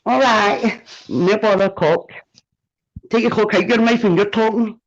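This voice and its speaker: A woman's voice: mid-range voice, measured pace. A Scottish woman taunting and mocking someone in a sweary livestream argument. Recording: dull lo-fi stream audio.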